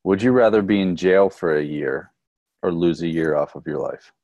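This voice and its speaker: A man's voice: sits low, moderate pace, darkish tone. A male podcast host in casual chat, easygoing and quizzing his guest.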